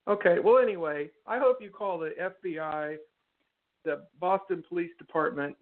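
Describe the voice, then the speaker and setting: A man's voice: high voice, normal speed. A man calling in to a radio show, insistently repeating his demands. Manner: insistent, repetitive. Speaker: caller. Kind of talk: phone-in call. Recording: tinny phone line from off-mic.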